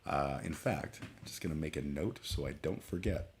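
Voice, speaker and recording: A man's voice: extremely low pitch, moderate pace, slight background noise. A man hosting a casual livestream, rambling and joking with plenty of swearing. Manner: rambling, profane, jokey. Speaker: livestream host.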